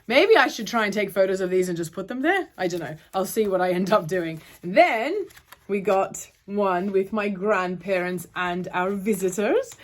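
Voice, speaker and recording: A woman's voice: medium pitch, lively intonation, moderate pace. Chatty woman vlogger, Australian-Irish accent. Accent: Australian, drifting towards Irish. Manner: chatty, rambling, loses her train of thought. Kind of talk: casual vlog to camera. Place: at home, indoors.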